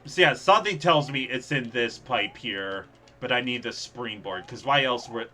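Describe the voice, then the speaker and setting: A young man giving live, sarcastic gameplay commentary as he streams, reacting fast and laughing at his own mishaps. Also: medium pitch, pushed and bright. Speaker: streamer playing a level contest.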